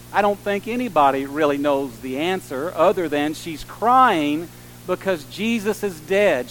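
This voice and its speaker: Earnest high-voiced male preacher, slow. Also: a little hiss or hum, poor audio. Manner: earnest, preaching with swelling emphasis and soft, slow drops. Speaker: pastor. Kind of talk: sermon.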